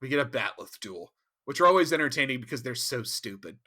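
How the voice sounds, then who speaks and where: Podcast host guy, bright voice, swears a lot and keeps laughing. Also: mid-range voice, fast. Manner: animated, profane, laughs often. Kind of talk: casual chat.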